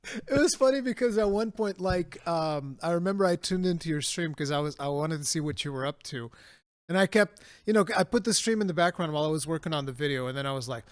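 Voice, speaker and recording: A fairly high-voiced man hosts a casual gaming chat, telling stories with animated energy and frequent laughs. His voice is close and dry, with no room sound. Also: fast, no room sound. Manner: animated storyteller, laughs often. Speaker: podcast host.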